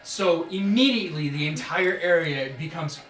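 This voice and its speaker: A man's voice: a little high, moderate pace, a bit bright. A man running a tabletop game as dungeon master, moving between dramatic scene narration and casual rulings. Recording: roomy recording with music.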